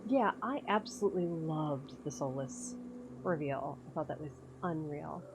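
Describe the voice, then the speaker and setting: A woman's voice: low-pitched, normal speed, noisy background. A woman streamer chatting casually over gameplay, laughing often and swearing freely. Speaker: game streamer.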